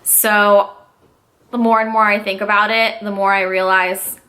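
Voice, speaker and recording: A woman's voice: medium pitch, flat delivery, unhurried, sharp tone. A woman in her twenties vlogging casually to camera, candid and emotional, swearing freely and saying "like" a lot. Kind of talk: casual vlog talk to camera.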